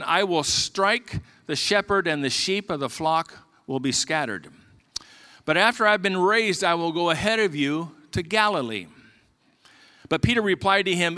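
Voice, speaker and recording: A man preaching a sermon as pastor, reading scripture and telling stories in a conversational way, sometimes dropping low and quiet. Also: clear, resonant tone. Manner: conversational, drops low and quiet for emotional parts. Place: church sanctuary.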